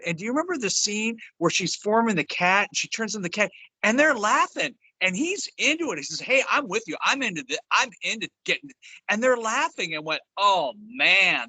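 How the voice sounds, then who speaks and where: A man in casual podcast chat, animated, laughing along and stammering when excited. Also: high-pitched, no room sound.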